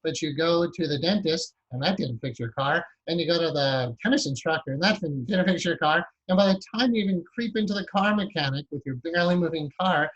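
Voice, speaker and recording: A man interviewing a guest in a relaxed conversation. He talks at length, strings together long examples and keeps checking in with "right?". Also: on the high side, brisk, hardly any pauses, dull audio. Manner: talkative, builds long examples, frequent "right?". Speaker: interviewer and hypnotherapy teacher.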